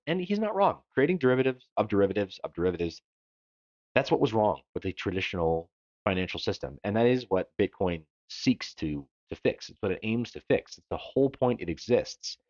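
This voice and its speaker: A man's voice: lowish voice, no room sound, muffled recording. A man co-hosting a live stream, chatting casually and joking as he reads viewer comments aloud. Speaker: livestream co-host.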